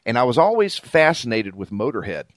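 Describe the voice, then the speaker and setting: A man in his fifties from Louisiana, co-hosting a podcast and telling animated stories in a casual chat. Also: mid-range voice, fairly quick, no room sound. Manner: animated storyteller, laughs often. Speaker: podcast co-host.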